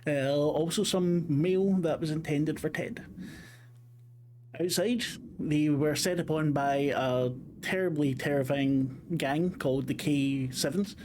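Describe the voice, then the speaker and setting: A man's voice: a little high, slow pace, darkish tone. A man running a tabletop game as game master, swearing a lot and recapping the story with many fillers. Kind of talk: casual chat and game recap narration. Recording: background noise.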